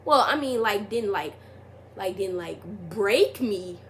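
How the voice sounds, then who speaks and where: A woman's voice: mid-range voice, animated, takes it slowly, background noise. Young woman rambling through a storytime. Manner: rambling, heavy use of "like", restarts; rising, emphatic when retelling arguments. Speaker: vlogger. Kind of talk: casual storytime.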